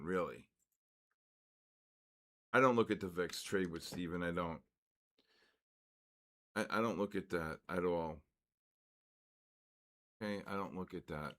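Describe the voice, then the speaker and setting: Low-pitched yet fairly bright, the voice belongs to a sixty-something man hosting a live trading session. He chats with viewers by name, repeats "okay" and "so basically," and explains his approach in a relaxed way. Rude comments plainly annoy him, and he rises in volume and complains.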